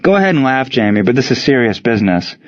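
A man acting out a fiery young man in an audiobook, raising his voice somewhat in agitation. He pitches his voice a little higher than the narrator's own, and the sound is slightly dull. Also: very animated, fast talker, close to an everyday voice. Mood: agitated. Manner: shouting, agitated. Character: hot-tempered young man, eager for war.

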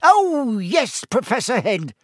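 A man's voice: very high-pitched, big pitch swings, slow pace, fairly bright tone, no room sound, studio quality, voice pushed up, heavily acted. A man voicing a gleeful, spiteful male poltergeist with a cackling, oily, mock-servile manner in a storybook reading. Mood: gloating.

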